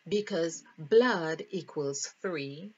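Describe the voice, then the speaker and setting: Slow, husky woman musing over numbers. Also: sits low, darkish tone. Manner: deliberate, musing, counting out numbers aloud. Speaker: spiritual teacher. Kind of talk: numerology lesson, thinking aloud. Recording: dull lo-fi recording.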